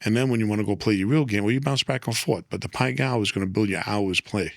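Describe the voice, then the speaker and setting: A man's voice: on the low side, quick pace, vocal fry, no echo, clean studio sound. A man talking through a casual interview, streetwise, handing out tips step by step. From United States. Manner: streetwise, instructive, tosses out tips. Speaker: interview guest. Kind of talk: casual storytelling chat.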